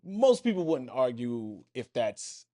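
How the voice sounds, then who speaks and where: A man's voice: medium pitch, very animated, takes it slowly, warm tone. A man with a New York accent, co-hosting a casual podcast chat and often checking in with "right?". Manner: conversational, rambling with many "right?" checks. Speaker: podcast co-host.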